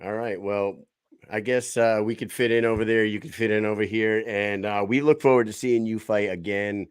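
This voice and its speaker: A man's voice: fairly low pitch, normal speed, smooth, no echo, studio quality. A middle-aged man co-hosting a podcast, chatting casually and swearing freely as he banters with a guest. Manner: profane, lively banter. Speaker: podcast co-host. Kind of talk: casual interview chat.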